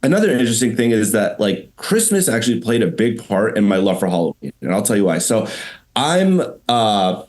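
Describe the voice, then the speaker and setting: A man's voice: on the low side, sing-song, brisk, a little mellow. A young man, a podcast guest, telling childhood stories in casual chat, full of "like" and restarts. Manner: rambling storyteller, lots of "like". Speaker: podcast guest, company founder.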